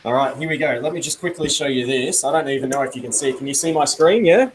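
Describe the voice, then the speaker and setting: A man co-hosting a casual video-call chat, relaxed and rambling, laughing often. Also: mid-range voice, fast talker, a little hiss or hum, poor audio. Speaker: podcast co-host.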